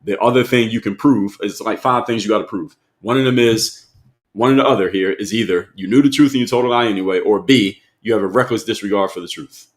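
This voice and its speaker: A man's voice: fairly low pitch, brisk. A man hosting a live stream, talking straight to his chat in an emphatic way, repeating his points and asking viewers questions.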